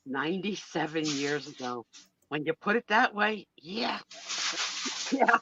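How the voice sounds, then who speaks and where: A woman's voice: low-pitched, unhurried, breathy edge, highs cut off. A woman co-hosting a live sale stream, chatting casually and animatedly with friends. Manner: animated, laughing storyteller.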